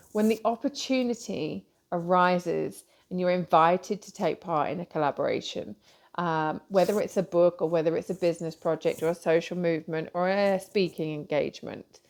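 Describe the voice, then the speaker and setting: A woman publisher hosting a casual live talk, rambling with many fillers and self-corrections. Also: fairly low pitch.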